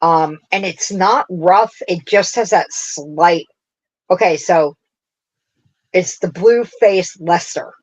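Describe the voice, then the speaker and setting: A rough recording captures a craft show host whose lowish voice takes its time. She rambles and laughs a lot as she chats casually with the people watching her livestream.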